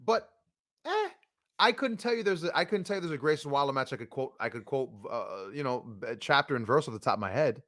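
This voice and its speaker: A man's voice: medium pitch, expressive, a little fast, a bit bright. A man co-hosting a casual podcast, joking and teasing his partner. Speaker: podcast co-host. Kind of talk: casual chat.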